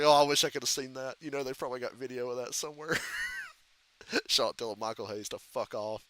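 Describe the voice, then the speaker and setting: A man on a casual live reaction stream retells backstage stories with plenty of cursing. His voice is very bright and sharp. His pitch sits in the middle, and he talks like he is hanging out with a friend. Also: no echo. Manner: profane animated storytelling.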